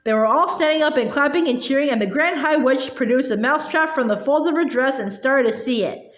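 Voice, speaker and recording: A woman reads a children's novel aloud with lively expression, now and then tripping over and repeating a word. Her voice sits high, and the recording has a roomy echo. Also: brisk. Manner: expressive, occasional slips and repeated words. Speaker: storybook reader.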